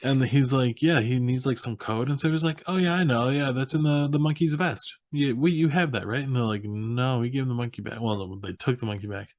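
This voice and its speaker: A man's voice: mid-range voice, fairly quick, few pauses, no echo. A young man co-hosting a podcast, retelling a movie plot casually and often laughing as he acts out the characters' lines. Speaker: podcast co-host. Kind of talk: casual movie recap chat.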